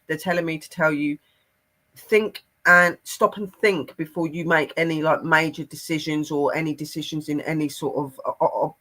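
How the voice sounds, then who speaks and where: This man, a psychic medium on a live stream, has a slightly high, fairly bright voice. He passes on spirit messages earnestly but rambles, filling his speech with many fillers.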